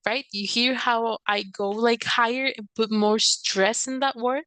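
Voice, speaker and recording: A woman's voice: unhurried, few pauses, a bit bright, no room sound, low-quality recording. A woman teaching an English grammar lesson, explaining patiently and acting out short example lines with a lifted voice. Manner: patient, acts out quoted examples with lifted pitch.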